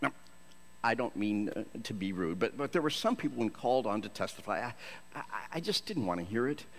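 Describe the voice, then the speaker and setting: A man's voice: lowish voice, lively intonation, fairly quick, slight background noise. A man from Michigan, a Christian actor, giving a humorous storytelling sermon in a self-deprecating, jokey way.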